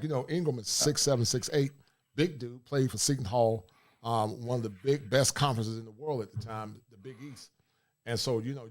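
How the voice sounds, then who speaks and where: A man hosting a casual livestream, talking bluntly in a preachy, streetwise way. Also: mid-range voice. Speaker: livestream host.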